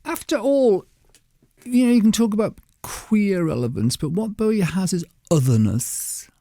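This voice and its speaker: A man's voice: high-pitched, animated, a little slow, dark tone, no echo, studio quality. An older man telling stories as a guest on a radio show, chatty and laughing often. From England. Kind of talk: anecdotal radio conversation.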